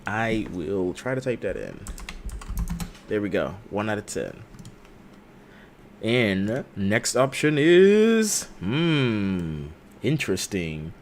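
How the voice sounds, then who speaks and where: A man's voice: deep voice, big pitch swings, takes it slowly, slight background noise. An American man co-hosting a casual live stream, playful and teasing, breaking into goofy voices. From United States. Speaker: podcast co-host.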